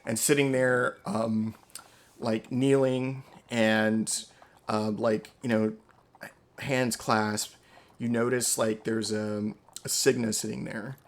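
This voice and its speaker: A man's voice: on the low side, level tone, slow. A man narrating a tabletop role-playing game as game master, loose and chatty, with many fillers.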